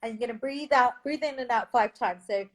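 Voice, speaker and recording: A woman with a slightly high voice leads a breathing lesson. She is encouraging and instructive, and she laughs easily between steps. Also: brisk, a bit bright. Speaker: vocal coach. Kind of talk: guided breathing exercise.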